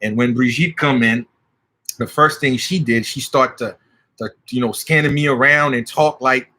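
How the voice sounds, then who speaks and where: A man telling stories as a spiritual practitioner, excitable and swearing freely. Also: mid-range voice, normal speed. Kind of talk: animated storytelling.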